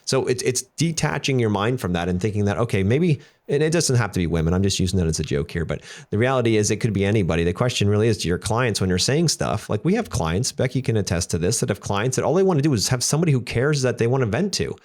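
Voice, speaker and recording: Here is a man with a fairly low voice who talks fast as he hosts a relaxed podcast chat. His stories are candid and jokey, and he keeps tossing in quick asides. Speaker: podcast host and business owner.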